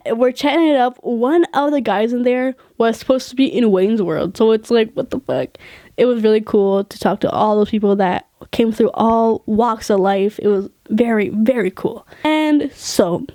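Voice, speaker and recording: Animated, foul-mouthed woman telling stories. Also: on the high side, no room sound. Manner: animated, swearing freely, laughing mid-sentence. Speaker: vlogger. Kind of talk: casual storytelling.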